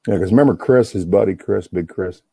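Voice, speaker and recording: Middle-aged man, low dark husky voice, rambling and profane, dry sound. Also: brisk, dry recording. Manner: rambling, profane, talks over himself. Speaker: livestream host on a phone call. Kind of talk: rambling casual monologue.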